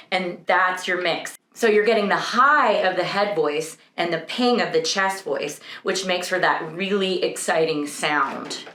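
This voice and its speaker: A woman's voice: fairly low pitch, pushed and bright. Woman vocal coach in an echoey room. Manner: explanatory, breaks into sung examples. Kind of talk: singing lesson with sung demonstrations.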